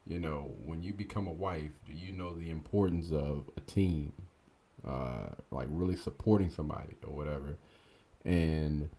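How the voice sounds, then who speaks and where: A man with a very deep voice talks through his views in a loose, conversational way, leaning on fillers as he goes. He sounds like a podcast co-host giving casual commentary. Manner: relaxed, conversational, filler-heavy.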